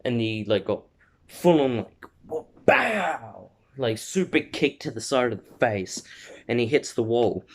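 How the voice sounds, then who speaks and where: A man retells a fan story in a loose, rambling way and leans on filler words. His voice sits low for a man. The delivery is casual and unscripted. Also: moderate pace, a little hiss or hum.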